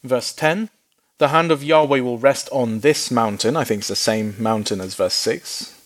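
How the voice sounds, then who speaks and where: Male preacher, mid-range voice, lively and humorous sermon delivery with playful voiced asides. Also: mid-range voice, normal speed. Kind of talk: sermon Bible teaching.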